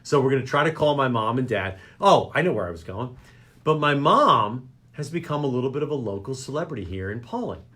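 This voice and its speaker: Animated joking New man. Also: mid-range voice, a little fast. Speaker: local radio show host. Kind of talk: casual chat show banter.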